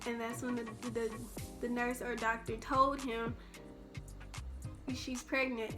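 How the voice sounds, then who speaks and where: A woman's voice: fairly high pitch, sharp tone. Young woman rambling over background music. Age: young adult. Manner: rambling, full of "like" and restarts. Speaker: vlogger. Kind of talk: storytime vlog.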